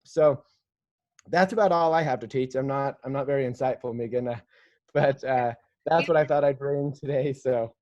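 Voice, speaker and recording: A man's voice: mid-range voice, moderate pace, darkish tone, no room sound. Middle-aged man, folksy storyteller, motivational guest speaker, dull lo-fi video call sound. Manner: folksy, storytelling, self-deprecating.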